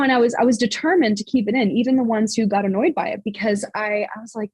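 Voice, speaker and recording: A woman fitness coach speaks as a podcast interview guest, explaining earnestly with lots of fillers and restarts. Her voice is husky and a bit breathy, sitting at an ordinary pitch. The sound is dry and close. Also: fast talker, hardly any pauses, a little mellow, no echo.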